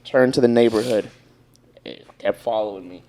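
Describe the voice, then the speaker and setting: A young man, telling a story on a casual podcast, animated and swearing often. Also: on the low side, normal speed, crowd noise. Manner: animated, swears a lot, acts out quotes loudly. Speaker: podcast co-host.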